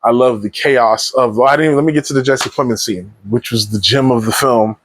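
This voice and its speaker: Spoilers fly as this man casually recaps a film, restarting sentences and peppering his animated, meandering retelling with slang. He speaks briskly at a medium pitch, with a little background noise audible.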